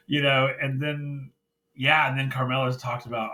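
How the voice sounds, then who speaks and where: Animated man reviewing wrestling. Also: medium pitch, normal speed, low-quality recording. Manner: animated storytelling, acting out wrestlers' lines in excited bursts. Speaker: podcast co-host. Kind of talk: casual wrestling review chat.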